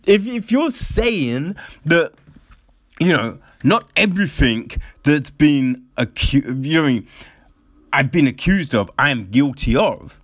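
Incredulous, swearing man, lively pitch. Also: unhurried, no room sound, studio quality. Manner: profane, incredulous, mocking, laughs often. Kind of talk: casual commentary.

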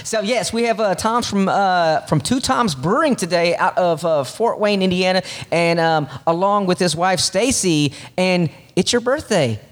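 A man hosting a casual podcast chat, excitable and whooping, with lots of stumbling restarts. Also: high voice, a little slow, few pauses. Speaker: podcast host.

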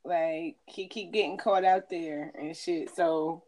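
A woman's voice: lowish voice, steady tone, slow pace, darkish tone. A woman co-hosting a podcast in casual chat, coaxing a guest and laughing often. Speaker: podcast co-host.

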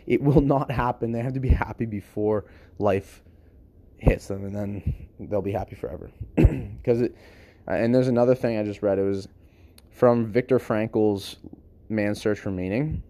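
A man with a fairly low, mellow voice, recorded with no echo, talks casually about psychology. He's emphatic and rambling, repeating words as he lays out his views.

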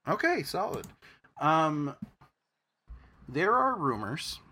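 A man narrating a tabletop role-playing game as game master, explaining rules and the story in a measured way. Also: fairly high pitch, very animated, bright, forceful tone, slightly rough.

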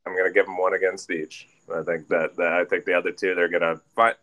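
A man's voice: sits low, little pitch movement, fast, a bit bright. A man co-hosting a casual sports podcast, rambling and correcting himself as he jokes about his team. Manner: rambling, self-correcting, jokey. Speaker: podcast co-host.

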